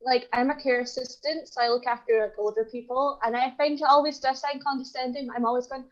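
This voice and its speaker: Chatty, higher-pitched woman on dull audio. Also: steady tone, fast talker. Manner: chatty, many fillers, giggly. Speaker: guest, care assistant. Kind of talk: casual chat.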